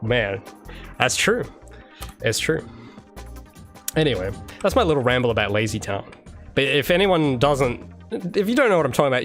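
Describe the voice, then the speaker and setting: A young man chats on a livestream, excited and rambling, tripping over his own restarts. His voice sits at an ordinary middle pitch. Faint music plays under his talk. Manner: enthusiastic rambling with many restarts and fillers. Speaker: game developer streaming his work. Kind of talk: casual livestream chat.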